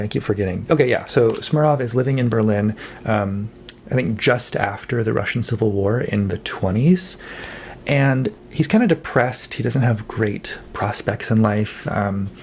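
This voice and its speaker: A man's voice: fairly low pitch, creaky, a little mellow, slight background noise. A man talking casually about books he read, thinking aloud with fillers and self-corrections. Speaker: book vlogger. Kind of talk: casual monthly wrap-up talk.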